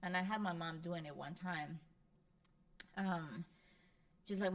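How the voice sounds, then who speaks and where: A woman hosting a casual conversation, reflective and repeating phrases softly. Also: fairly low pitch, takes it slowly, long pauses. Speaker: host.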